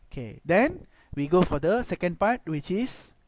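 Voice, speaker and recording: A man's voice: high voice, expressive, a little slow. A man with a Malaysian accent teaching a math class, mixing English and Malay and saying "okay" and "lah" often. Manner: code-switches between English and Malay, frequent "okay" and "lah". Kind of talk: online class lecture. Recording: loud background noise with clicks.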